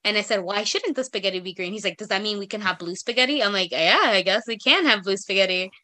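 A woman's voice: medium pitch, fast, bright, forceful tone. A young woman co-hosting a podcast, telling rambling stories with lots of fillers. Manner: chatty, rambling storyteller with many fillers. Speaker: podcast co-host. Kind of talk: casual chat.

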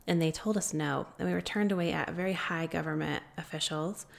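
Creaky-voiced woman telling a story. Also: sits low. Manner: earnest, many filler pauses. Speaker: guest, founder of an anti-trafficking group. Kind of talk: interview storytelling.

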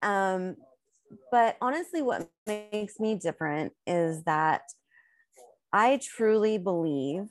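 A woman's voice: mid-range voice, expressive, takes it slowly. A middle-aged woman, a guest on a casual interview, talking eagerly about her work as a mom mentor.

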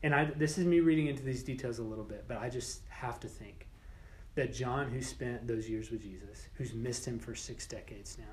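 A man teaching a Bible class in a relaxed, conversational way, getting animated and sometimes dropping to a whisper for emphasis. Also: mid-range voice, moderate pace, slight background noise.

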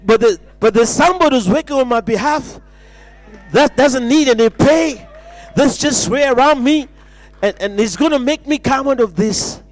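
A man's voice: very high voice, normal speed. A man preaching an impassioned sermon, repeating phrases and stumbling into restarts.

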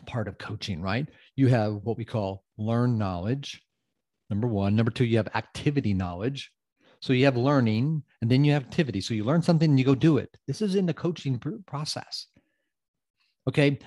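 A man's voice: fairly low pitch, dark tone, no room sound, clean studio sound. A middle-aged man hosting a motivational coaching podcast, emphatic and casual, often repeating phrases for effect. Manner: casual, loose grammar.

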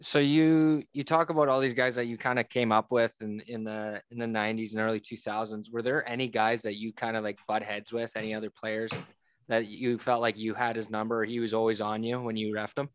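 A podcast host with a lowish, level voice asks rambling, casual questions. His tone is smooth, and the sound is close and dry. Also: level tone, a little fast, no room sound. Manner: short reactions and loose questions. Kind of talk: casual interview chat.

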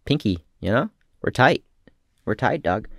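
A man giving casual comedic commentary as a vlogger, rambling and profane with deadpan asides. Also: medium pitch, measured pace, vocal fry, dry recording, clean studio sound.

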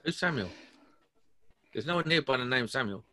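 A man's voice: medium pitch, lively intonation, fairly quick, pushed and bright. A British man hosting a casual video call, teasing his friends and joking around. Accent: British English. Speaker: host.

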